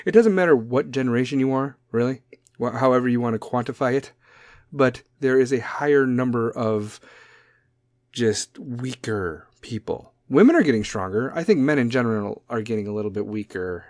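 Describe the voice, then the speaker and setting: A young man in the middle of a blunt, swear-filled rant, confrontational and quick to drift off topic. His voice sits at a middling pitch. It is recorded close and dry, with no room sound. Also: a little mellow, dry recording. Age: young adult. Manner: goes off on tangents. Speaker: podcast host. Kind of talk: ranting monologue.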